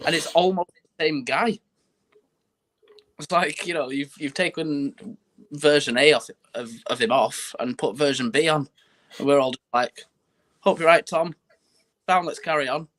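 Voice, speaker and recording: A man's voice: a little high, a little slow, long pauses, fairly bright tone. Hesitant man musing on a podcast. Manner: hesitant, many fillers and restarts. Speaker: podcast co-host. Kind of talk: casual football podcast chat.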